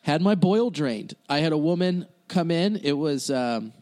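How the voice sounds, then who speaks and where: A man with a slightly high voice tells a story in loose, easygoing podcast chat. He swears freely and slips into the voices of the people he quotes. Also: lively intonation, measured pace, a little mellow. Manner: laid-back, swears freely, acts out quotes. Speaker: podcast host.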